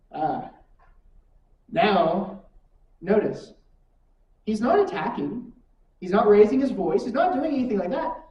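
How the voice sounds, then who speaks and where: A woman's voice: medium pitch, big pitch swings, moderate pace, warm tone. A woman teaching a conversational church lesson, often asking her class rhetorical questions. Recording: echoey room from far mic.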